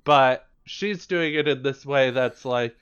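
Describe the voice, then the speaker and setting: Male podcast co-host, smooth resonant voice, chatty and filler-heavy, slightly dull lo-fi sound. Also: mid-range voice, slow pace, a bit bright. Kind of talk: casual chat.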